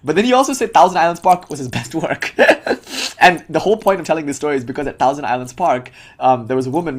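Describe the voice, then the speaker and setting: Fast-talking irreverent young male teacher. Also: on the high side, breathy edge. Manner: irreverent, casual and profane, animated quoting. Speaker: spiritual teacher. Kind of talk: informal lecture on spiritual history.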